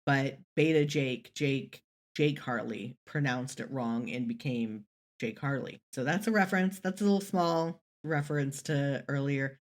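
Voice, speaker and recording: A woman co-hosting a casual podcast, talking in a rambling, animated way and swearing casually. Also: extremely low pitch, measured pace. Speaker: podcast co-host.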